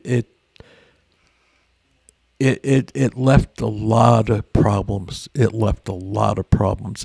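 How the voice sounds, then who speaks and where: A man's voice: mid-range voice, gravelly, a little mellow, no room sound. An older man, a veteran guest, telling stories in a rambling, earnest way with frequent restarts. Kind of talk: casual storytelling interview.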